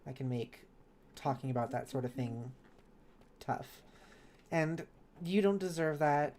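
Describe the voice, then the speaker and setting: A woman's voice: low voice, animated, measured pace, a little mellow, a little hiss or hum. A woman streamer in casual live chat while gaming, reading viewers' messages aloud and answering them kindly. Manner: chatty and self-correcting, with laughs.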